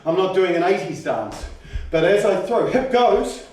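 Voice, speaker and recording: A man teaching a karate class, explaining technique and calling out sharp commands as he demonstrates. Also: sits high, animated, a little slow, noisy background. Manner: demonstrative, shouts sharp counting calls. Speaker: karate instructor. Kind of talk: teaching a martial arts class. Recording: roomy training hall, voice from far off.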